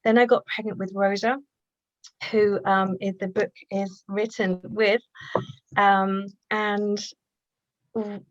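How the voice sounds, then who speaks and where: Woman guest, reflective storyteller, muffled dry video-call sound, halting and earnest. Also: medium pitch, flat delivery, no room sound. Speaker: guest, healer and author. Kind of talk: personal storytelling in conversation.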